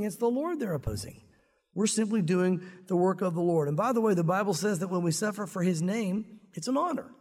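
Male preacher, high voice, earnest sermon delivery, reverberant hall sound. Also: a little mellow. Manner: earnest, rises to emphatic when confronting sin. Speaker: pastor.

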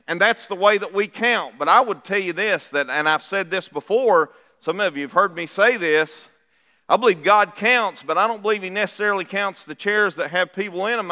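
A middle-aged pastor preaches in a folksy, conversational way, checking in with his congregation as he goes. His voice sits high and bright for a man. The sound carries a long reverberant tail from the church hall. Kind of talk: sermon. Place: church sanctuary.

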